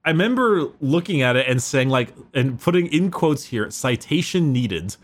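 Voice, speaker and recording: A man's voice: a little high, animated, moderate pace. A man hosting a casual podcast, rambling and full of fillers as he explains. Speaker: podcast host.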